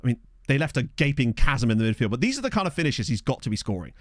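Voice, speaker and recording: A man's voice: medium pitch, sing-song, very fast, no echo. A young man streaming a football management game, chatting and joking as he reacts to the play on a studio microphone. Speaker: gaming streamer. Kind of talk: live football game commentary. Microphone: studio USB microphone.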